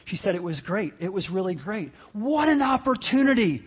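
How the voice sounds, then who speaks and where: A man preaching a sermon as pastor, telling a personal story in a halting way, dropping to quiet asides and rising to loud emphasis. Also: sits high, big pitch swings, breathy edge, highs cut off. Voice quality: halting, self-interrupting delivery with laughs.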